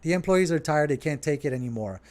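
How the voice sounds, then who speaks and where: Speaking quickly in a fairly high voice, this middle-aged Montrealer of French Canadian background owns a restaurant and hosts a podcast Q&A. He addresses viewers directly, relaxed and a bit rambling as he answers their questions.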